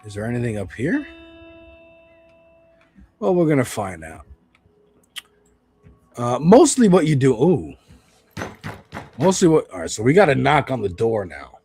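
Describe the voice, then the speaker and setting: A man chats through a video game as he plays, rambling, loose and now and then swearing. His pitch rises and falls freely, and game music plays faintly underneath. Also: huge pitch swings, measured pace, long pauses, mellow. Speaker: streamer playing a video game. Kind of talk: casual gameplay commentary.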